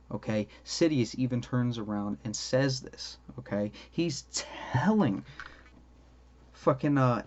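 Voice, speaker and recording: A man's voice: mid-range voice, a little mellow. A man ranting about a show he dislikes, swearing constantly and asking "okay?" for emphasis. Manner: profane, exasperated ranting. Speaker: vlogger. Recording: dull lo-fi audio with faint ambient noise.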